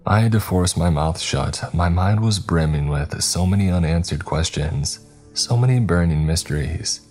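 A man with an extremely deep voice reads a first-person horror story in steady, measured narration. Faint music plays underneath.

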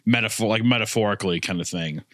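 A man's voice: on the low side, fast, fairly bright tone, no room sound, studio quality. A man co-hosting a podcast, rambling with restarts and crude jokes among friends. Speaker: podcast co-host. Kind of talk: casual banter.

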